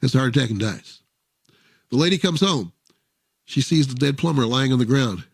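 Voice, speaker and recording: A man's voice: medium pitch, animated, normal speed, vocal fry, slightly rough, dry recording, studio quality. A man, a former show host, chatting casually and telling jokes, laughing often and acting out the voices in his stories. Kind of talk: casual comedic chat and storytelling.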